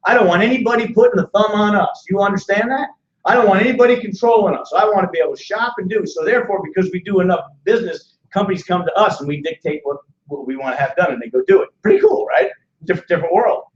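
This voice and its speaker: An older man in his sixties runs a lively financial sales seminar, joking and peppering the audience with questions. His voice sits high for a man. The recording is dull and echoey, picked up from across the room. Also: quick pace, recorded from a distance, slight background noise. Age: 60s.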